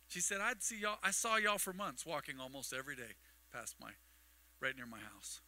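A man preaching a mid-week sermon as pastor, telling a long personal story with acted-out dialogue and quick asides to the congregation. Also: a little high, sharp tone, poor audio. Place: church sanctuary. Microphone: microphone on a livestream.

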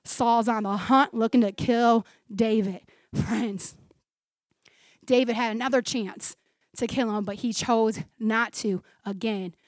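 Woman in her 40s, preacher, high voice, dry close sound, lively sermon delivery. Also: slow pace, no echo. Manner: animated, acts out the scripture voices, laughs often.

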